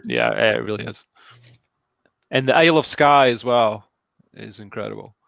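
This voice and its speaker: A man's voice: on the low side, normal speed, creaky, fairly bright tone, no echo. A man with a Scottish accent, from Scotland, friendly and laughing as a guest in a casual chat.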